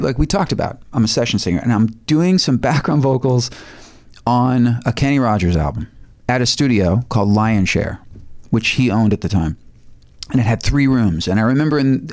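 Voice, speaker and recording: An animated male guest spinning a casual anecdote, his pitch swinging up and down as he tells it. He swears here and there and laughs between bits, relaxed and chatty. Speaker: guest musician. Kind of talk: casual storytelling.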